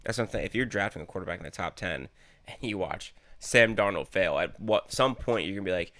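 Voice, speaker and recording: A man's voice: sits low, animated, fairly quick, a bit bright, dry recording, studio quality. A young man co-hosting a podcast, chatting casually about football in a rambling way with lots of fillers. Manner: rambling, lots of fillers, laughs while telling stories. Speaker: podcast co-host. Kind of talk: casual sports chat.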